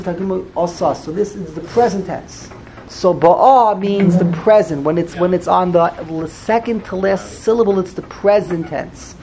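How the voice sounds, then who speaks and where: A man's voice: high voice, vocal fry, darkish tone, a little hiss or hum, low-quality recording. A man teaching a scripture class, going verse by verse. He repeats phrases and translates each term as he explains it. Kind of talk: verse-by-verse text study.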